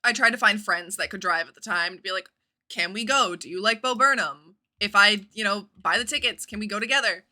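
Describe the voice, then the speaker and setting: A woman's voice: mid-range voice, fairly quick, pushed and bright. A woman in her twenties, a livestreamer chatting casually and rambling while she plays a game, with the odd casual swear.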